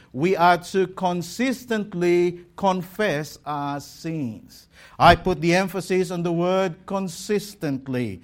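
Slow, emphatic preaching man. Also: on the high side. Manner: slow, emphatic preaching with drawn-out words and dropping line ends. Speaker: pastor. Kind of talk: sermon. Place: church service streamed online.

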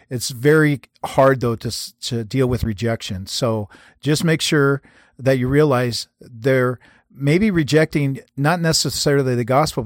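A man's voice: mid-range voice, no echo, studio quality. A man hosting a teaching show on handing out tracts, speaking in an earnest, plainspoken way and telling self-deprecating stories. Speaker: host teaching gospel tract outreach. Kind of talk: conversational teaching talk.

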